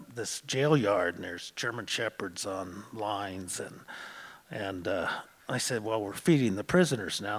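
A man's voice: fairly low pitch, big-room sound. A man from Montana telling a personal travel story in a conversational way, with frequent restarts. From Montana, USA.

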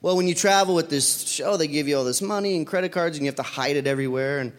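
Man, slightly high voice, rambling storyteller, fillers and restarts, long hall reverb. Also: fast. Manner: rambling, with fillers and self-corrections. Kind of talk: personal story told to an audience.

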